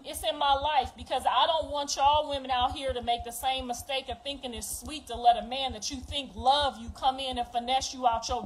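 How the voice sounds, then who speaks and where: A middle-aged woman, talking straight to viewers in a raw, profane, confessional monologue that swings from quiet to loud. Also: high-pitched, rough recording. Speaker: mother speaking out.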